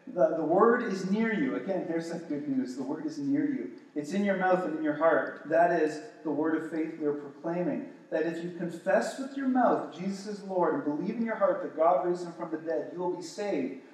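A man teaching the Bible to a small group, excited and often restarting his words. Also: fairly high pitch, moderate pace, few pauses. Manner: enthusiastic, stumbling restarts. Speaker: preacher. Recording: echoey distant room recording.

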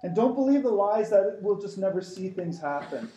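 A middle-aged man with a high-sitting, dark-toned voice preaches a sermon at a moderate pace with hardly any pauses, rambling through a dream story, restarting sentences often and urging his listeners on. The recording is reverberant and low quality.

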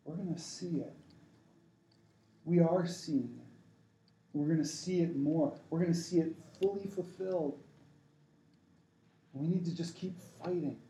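Man, middle-aged, sermon, rambling and exhortative, slightly high pitch, roomy echo. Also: unhurried, long pauses, mellow, a little hiss or hum. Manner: rambling, many restarts, exhortative.

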